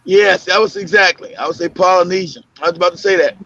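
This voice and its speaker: A man's voice: high voice, quick pace, sharp tone. A man hosting a casual talk show, telling loose stories with many fillers, restarts and laughs. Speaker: podcast host. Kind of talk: casual conversational storytelling. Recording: muffled lo-fi audio.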